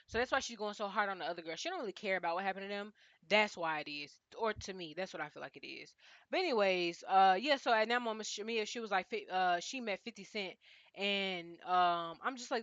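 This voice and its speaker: A woman's voice: mid-range voice, expressive, quick pace, a bit bright, dry recording, highs cut off. A woman giving a casual, profane, exasperated recap of a reality TV episode.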